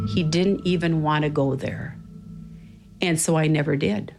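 An older woman with a low, gravelly voice tells a family story in an earnest, reflective way. She often quotes other people's words within her telling. A clear music bed plays underneath her. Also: steady tone, measured pace, a little mellow, poor audio. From Minnesota. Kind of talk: personal storytelling.

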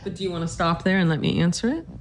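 A woman hosting and narrating a personal podcast, earnest and measured, speaking to her mother. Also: lowish voice, animated, a little hiss or hum. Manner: earnest, emotional, measured storytelling. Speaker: host and narrator.

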